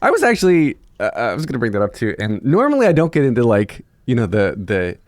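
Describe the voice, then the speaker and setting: Man, podcast host, lively pitch, enthusiastic, casual interview, dry sound. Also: quick pace, dry recording. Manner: animated, enthusiastic questioning.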